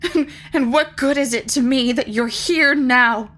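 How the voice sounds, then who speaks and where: A woman voicing a bitter, worn-out woman outlaw cook in a shrill, scolding voice for a storybook reading. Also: lively intonation, measured pace, a bit bright. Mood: furious. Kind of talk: audiobook character reading.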